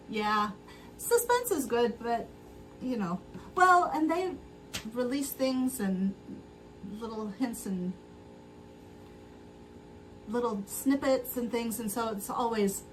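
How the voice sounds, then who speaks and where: A woman's voice: on the high side, lively intonation, measured pace, distant mic, a little hiss or hum. A woman hosting a casual livestream as she sews, chatting with viewers, answering their comments and drifting off topic as she rambles. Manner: rambling, loses her thread. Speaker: livestream host. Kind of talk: casual livestream chat while sewing.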